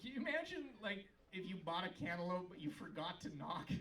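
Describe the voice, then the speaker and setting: A man doing a stand-up comedy set on a club stage, riffing sarcastically with sudden loud outbursts. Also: high voice, big pitch swings, fairly quick. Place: comedy club stage before a laughing crowd. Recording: live club recording, crowd laughter, from far off.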